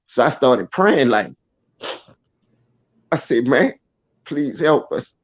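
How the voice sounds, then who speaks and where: Profane, animated New man storytelling. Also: mid-range voice, slow pace, slight background noise. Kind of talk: casual first-person storytelling. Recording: dry, slightly dull recording.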